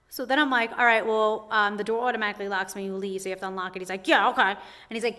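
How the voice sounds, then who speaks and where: A young woman who owns a hair salon, telling a story to the camera in a chatty, animated way and saying "like" constantly. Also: mid-range voice, racing. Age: young adult.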